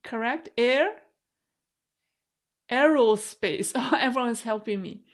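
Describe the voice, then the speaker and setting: A woman with a somewhat high voice chats slowly and unhurriedly on her live stream, laughing often. She is a non-native English speaker who pokes fun at her own mistakes. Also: expressive. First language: not English. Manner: chatty, laughs often, self-deprecating. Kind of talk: casual live-stream chat.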